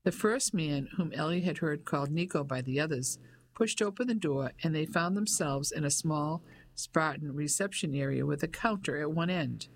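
Audiobook narrator for a period mystery, even and steady delivery. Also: medium pitch, normal speed, creaky, slight background noise.

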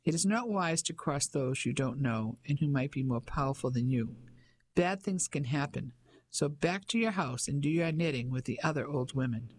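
A menacing, contemptuous man, played by a male narrator, speaking slowly and coldly with a threatening edge. An audiobook reading. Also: fairly high pitch, animated, no room sound.

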